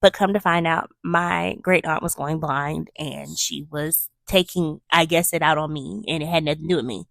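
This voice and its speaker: A woman's voice: deep voice, moderate pace, gravelly, few pauses, no room sound, clean studio sound. Chatty woman hosting a movie review. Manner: chatty, animated retelling with emphatic asides. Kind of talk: casual spoken movie review.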